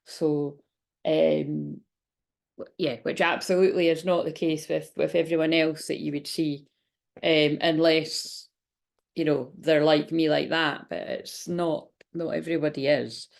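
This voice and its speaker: Woman tarot reader, casual and meandering, with a creaky edge to her voice. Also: deep voice, fairly even intonation, measured pace. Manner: rambling, chatty, frequent laughs. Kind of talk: casual channeled tarot reading.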